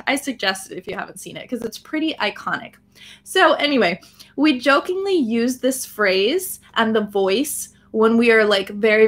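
A fairly high, fairly bright voice belongs to an American woman giving a live online English lesson. She explains phrases, uses "um" a lot, and frequently asks "right?" to check in.

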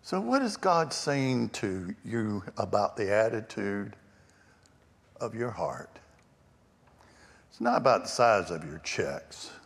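A man preaching a storytelling sermon as pastor, with shifting emphasis and hushed asides. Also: fairly low pitch, sing-song, takes it slowly, long pauses. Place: church sanctuary. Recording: long church reverb.

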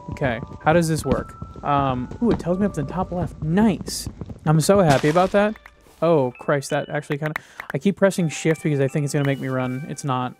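A young man giving casual, self-mocking commentary as he plays a video game, swearing often and reacting loudly. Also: fairly high pitch. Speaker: gaming YouTuber. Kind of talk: casual let's-play commentary.

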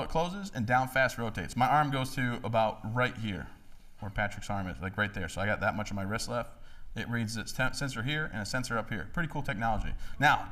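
A man in his thirties giving a joking, animated talk to a live audience in a hall. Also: mid-range voice. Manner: joking, animated, acts out voices. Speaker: motivational speaker.

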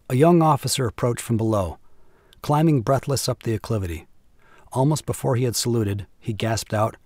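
A man reading a classic war story aloud at a measured, even pace. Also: medium pitch, dry recording, clean studio sound. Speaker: audiobook narrator.

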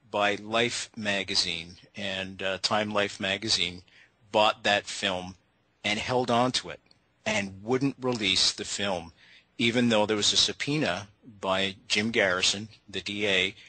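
A man's voice: fairly low pitch, pushed and bright, no room sound, poor audio. A male talk show host who breaks in to explain background directly to his listeners.

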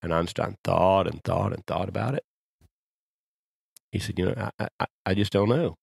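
A man's voice: deep voice, normal speed, creaky, a little mellow, husky, no echo. A man co-hosting a podcast, chatting casually and telling long rambling stories. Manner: rambling storyteller. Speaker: podcast co-host. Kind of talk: casual chat.

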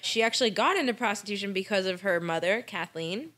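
A woman's voice: medium pitch, animated, fairly quick, fairly bright tone. An American woman co-hosting a true-crime podcast in a loose, joking chat. She swears freely and laughs often as she recaps the case in an easygoing, conversational way. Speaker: podcast co-host.

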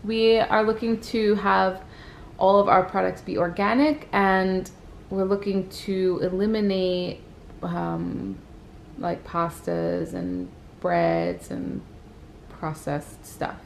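A woman in her thirties talking casually to camera in her home kitchen, relaxed and chatty with frequent ums. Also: medium pitch, slow, vocal fry, a little hiss or hum. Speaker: vlogger mother. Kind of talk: casual family vlog chat.

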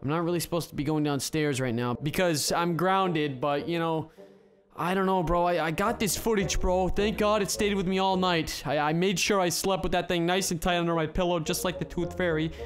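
A man hosting a gaming video, commenting on a role-play game in an excitable, exclaiming way and quickly turning indignant. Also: high-pitched.

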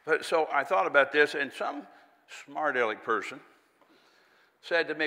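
A man's voice: mid-range voice, normal speed, pushed and bright, big-room sound. A man preaching a sermon in a folksy, conversational way, with chatty asides and little laughs.

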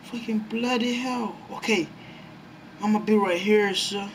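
A young man commentating his own gameplay, excitable and jumpy, swearing often. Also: high voice, measured pace. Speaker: gaming YouTuber.

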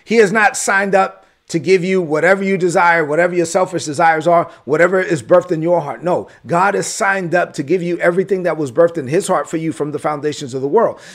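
Gravelly high-voiced male preacher. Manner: emphatic, repeats words, builds to shouted peaks. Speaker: pastor. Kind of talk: sermon teaching.

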